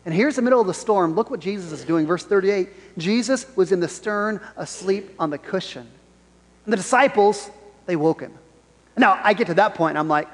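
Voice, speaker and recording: Male pastor, high-pitched voice, animated sermon, repeats key phrases, long church-hall reverb. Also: fairly quick.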